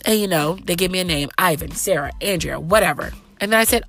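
A woman's voice: fairly low pitch, quick pace, fairly bright tone, faint music behind. A young adult woman, a rideshare driver with a cold-stuffed nose, ranting and lecturing her viewers in a profane, emphatic way. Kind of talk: casual ranting vlog.

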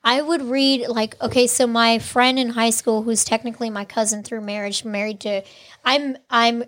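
A woman in her thirties co-hosting a podcast in casual chat, animated, swearing freely and laughing often. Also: a little high, normal speed. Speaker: podcast co-host.

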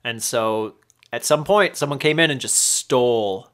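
A man's voice: mid-range voice, unhurried, a bit bright, clean tone. A man co-hosting a casual chat, telling stories in a rambling way and going off on tangents. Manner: rambling storyteller, goes off on tangents. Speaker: podcast co-host.

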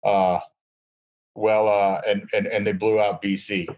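A man's voice: lowish voice, flat delivery, a little slow, darkish tone, lo-fi sound. A man on a podcast, chatting casually and sarcastically with lots of fillers, from a hotel room. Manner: rambling, sarcastic, many fillers. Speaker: podcast co-host. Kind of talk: casual chat.

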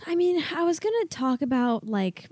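A woman's voice: high-pitched, big pitch swings, moderate pace, darkish tone, no room sound, clean studio sound. A seventeen-year-old girl co-hosting a podcast, chatting in a bubbly, gushing way with her older sister. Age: teenager, 17. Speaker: podcast co-host. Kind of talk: casual chat.

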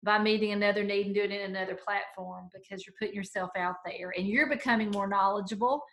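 A woman's voice: medium pitch, steady tone, fast, a bit bright. A woman co-hosting a podcast in a casual chat, effusive and encouraging, often restarting her sentences. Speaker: podcast co-host.

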